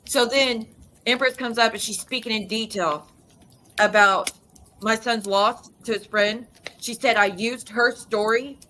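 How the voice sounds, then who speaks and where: A woman's voice: a little high, steady tone, measured pace, bright, forceful tone, slight background noise, rough recording. A woman YouTuber ranting in a casual vlog, heated and blunt, swearing freely and repeating her denials with emphasis. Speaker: YouTuber and live streamer.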